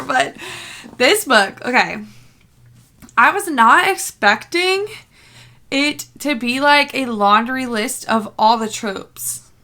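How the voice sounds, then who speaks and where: In this casual reading-reaction vlog, a book vlogger talks in a slightly high voice that sounds pushed and bright. The young woman is bubbly and rambles, filling her talk with fillers and laughs.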